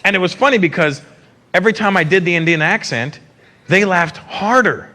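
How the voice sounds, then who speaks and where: A North American man telling stories in a stand-up routine, chatty and animated, with asides to the audience. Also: sits high, normal speed. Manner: conversational, animated storytelling with asides. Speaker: stand-up comedian. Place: theater stage before a live audience. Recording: live recording with loud crowd and room noise.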